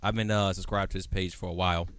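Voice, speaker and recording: A man's voice: low-pitched, level tone, quick pace, fairly bright tone, smooth. A man hosting a casual podcast, laid-back and slangy, laughing often as he talks. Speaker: podcast host.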